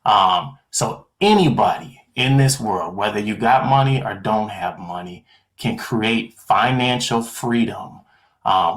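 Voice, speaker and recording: A middle-aged man with a somewhat low voice delivers a motivational talk. He hammers home key lines by repeating them and livens up when he acts out remembered conversations. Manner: acts out quoted dialogue with livelier voice. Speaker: motivational speaker.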